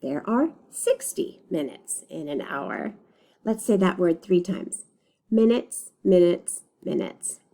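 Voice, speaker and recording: Slow, patient woman teaching reading. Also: lowish voice, lively intonation, warm tone. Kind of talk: reading lesson for young children. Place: recorded lesson video.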